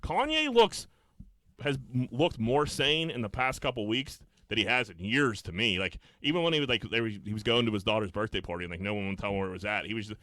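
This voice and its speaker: A man with a Pittsburgh accent chats on a podcast with a bright, forceful voice. His pitch jumps around a lot as he riffs loosely. He is recorded dry and close. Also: fast talker, dry recording. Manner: animated, loose and profane, laughs often. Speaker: podcast host. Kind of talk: casual podcast banter.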